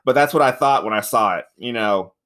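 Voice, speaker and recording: A podcast co-host reviewing a film chats casually, rambling and swearing a lot at an ordinary, slightly bright pitch and a brisk pace. He tells the story in loose stretches, repeatedly acting out the lines of the people he describes.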